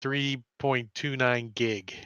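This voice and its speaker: A man running a tabletop game as dungeon master, narrating in a relaxed, rambling way. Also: medium pitch, takes it slowly, clear, resonant tone, dry recording, dull audio.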